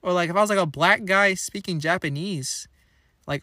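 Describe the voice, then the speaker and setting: A man's voice: fairly high pitch, brisk, bright, forceful tone, dry recording, clean studio sound. Playful young man chatting on a podcast. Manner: playful, rambling, slangy. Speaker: podcast host. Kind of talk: casual solo podcast chat.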